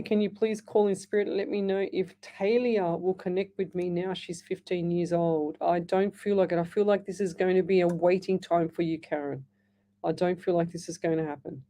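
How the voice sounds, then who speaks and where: A woman's voice: fairly low pitch, dark tone. A middle-aged Australian woman hosting a live radio psychic show. She reads out listener messages and answers them in a chatty, rambling way, often restarting her sentences and calling people "lovey.". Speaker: psychic medium radio host.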